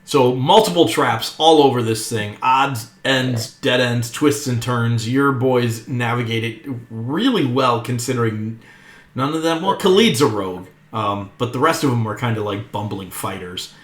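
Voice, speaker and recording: A man's voice: mid-range voice, a little slow, echoey room. A man narrating as game master of a tabletop game, in an easygoing way with chuckles and fillers.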